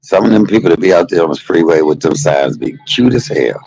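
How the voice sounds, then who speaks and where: A man streaming a casual storytelling monologue, animated and laughing, shifting between jokes and heartfelt moments. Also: deep voice, fairly quick, creaky, rough recording.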